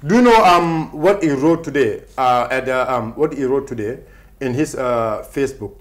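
A man's voice: mid-range voice, normal speed. A man with a Gambian accent, a protest movement spokesman answering interview questions insistently, often repeating himself and talking over the interviewer.

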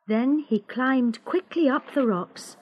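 A woman narrating a graded-reader story for English learners in a slow, clear, expressive way. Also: high voice, dull audio, a little hiss or hum. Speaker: audiobook narrator.

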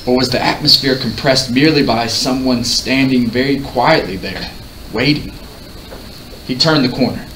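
Male audiobook narrator, expressive, bright timbre, distant roomy recording. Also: medium pitch, moderate pace. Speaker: audiobook reader. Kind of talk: reading a novel aloud. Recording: roomy, distant mic, faint hiss.

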